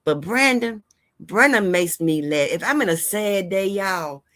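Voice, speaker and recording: A bit bright and unhurried, this woman's mid-range voice carries lively intonation. As the host of a gossip and news channel, she chats and wanders through a casual vlog monologue, speaking directly to viewers with earnest life advice.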